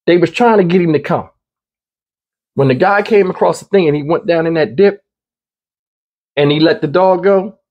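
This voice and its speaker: Man, high voice, husky, blunt casual commentary, repeats himself. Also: darkish tone. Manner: conversational, blunt, repeats points.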